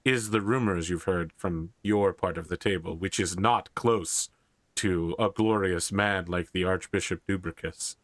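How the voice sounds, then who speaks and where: A man narrates a tabletop game in a casual, joking way, now and then slipping into characters. His voice sits fairly low, and the sound is close and dry. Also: measured pace, no room sound. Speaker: game master.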